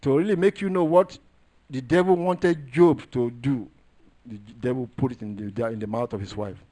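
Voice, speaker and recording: A man's voice: medium pitch, moderate pace, dark tone. A man preaching a sermon, emphatic and repetitive, stressing key phrases as he works through scripture. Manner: repeats phrases while working through scripture.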